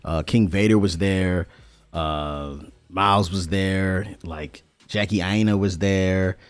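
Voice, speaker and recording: A man in his thirties co-hosting a married couple's podcast, talking loosely with many fillers and turning energetic when he hosts. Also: deep voice, takes it slowly, clean tone, dry recording. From California. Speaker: podcast co-host. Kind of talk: casual chat.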